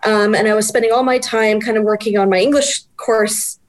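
A woman in her forties, a guest chatting casually, animated and self-deprecating with bursts of laughter. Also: mid-range voice, a little fast. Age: 40s. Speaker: guest, book project editor. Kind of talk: casual interview chat.

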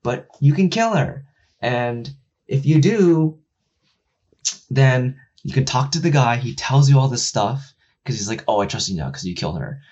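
Chatting casually, a man with a mid-range, husky voice recounts a video game plot at normal speed, swearing and rambling with plenty of fillers. When he lands a point he gets loud and excited, and he performs the characters' lines. The sound is lo-fi.

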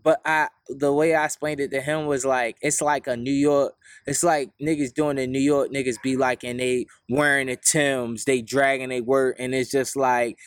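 A man's voice: mid-range voice, level tone, normal speed, hardly any pauses, clean tone, dry recording, clean studio sound. Slangy Baltimore man hosting a podcast outdoors. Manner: loose, slangy and profane. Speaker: podcast host. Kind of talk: casual podcast chat.

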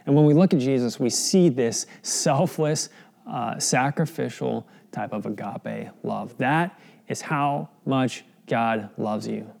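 A man's voice: medium pitch, slow, vocal fry, a little mellow. A young adult man preaching a sermon in an earnest, conversational way, often asking the listeners questions. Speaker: pastor.

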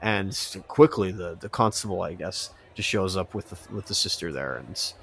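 A man with a fairly low voice chats on a podcast. He rambles about a show he enjoyed, with many restarts. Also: animated, moderate pace, gravelly, a bit bright, slightly rough. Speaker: podcast co-host. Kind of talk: casual chat reviewing a TV episode.

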